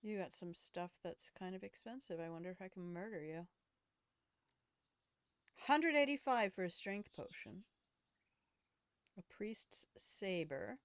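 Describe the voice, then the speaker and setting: A woman's voice: medium pitch, lively intonation, a little slow, long pauses, clear, resonant tone, no echo. An older woman streaming a video game, chatting casually, thinking aloud and swearing freely. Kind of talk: casual gaming commentary.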